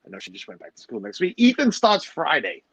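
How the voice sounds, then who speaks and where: A man's voice: a little high, wildly swooping pitch, quick pace, fairly bright tone, slightly rough, no echo, dull audio. A middle-aged man hosting a livestream, rambling and joking as he greets his chat. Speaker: livestream host. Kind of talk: casual chat with a live audience.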